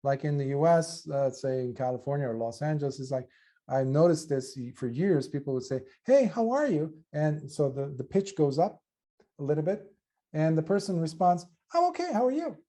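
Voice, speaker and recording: A man, a Buddhist monk, answering a question in an earnest dharma talk, often pausing and restarting as he searches for words. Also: on the high side. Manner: animated, earnest, acts out quoted voices.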